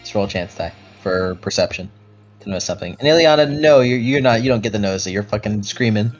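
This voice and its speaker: A man's voice: lowish voice, fast talker, soft background music. A man narrating a tabletop game as game master, loose and rambling, with lots of fillers and swearing.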